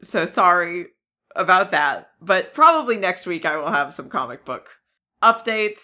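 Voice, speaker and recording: A woman co-hosting a podcast in casual chat, laughing often and filling pauses with ums. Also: fairly low pitch, very animated, sharp tone, dull audio. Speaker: podcast co-host.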